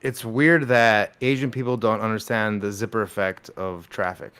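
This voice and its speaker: A male comedian in casual podcast chat, excitable and quick to laugh. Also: fairly low pitch, clear, resonant tone.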